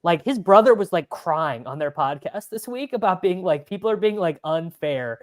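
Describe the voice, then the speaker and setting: A man talking fantasy football on a casual podcast, animated and rambling with lots of fillers. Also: high-pitched, normal speed.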